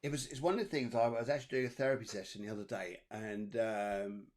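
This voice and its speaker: A man's voice: lowish voice, fairly even intonation, fast, crowd noise. A man co-hosting a casual live wellbeing show, chatty and reading out viewer comments with some hesitant restarts. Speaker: co-host of a spiritual wellbeing show.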